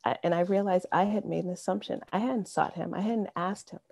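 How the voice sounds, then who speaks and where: A woman's voice: on the low side, fairly even intonation, brisk, gravelly, a little mellow, no room sound. A woman in her fifties giving an earnest, conversational faith testimony over a video call, often saying "you know". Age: 50s. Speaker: speaker sharing a testimony.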